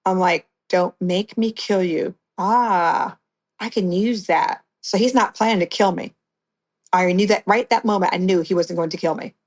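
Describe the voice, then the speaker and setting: A woman's voice: on the low side, moderate pace. Woman telling her story plainly. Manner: blunt, conversational storytelling with restarts. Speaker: guest. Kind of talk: personal account in an interview.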